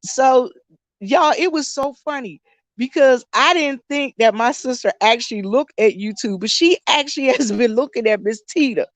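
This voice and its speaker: A woman's voice: high voice, normal speed, no echo. A woman around fifty, chatting casually to her viewers, telling a story with frequent laughter and calling them y'all. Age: 50s. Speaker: YouTube vlogger.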